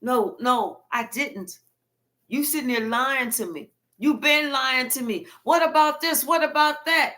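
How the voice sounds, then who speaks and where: A woman voicing a cornered liar who stammers and curses defensively. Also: unhurried. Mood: flustered. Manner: stammering, cursing, high and loud.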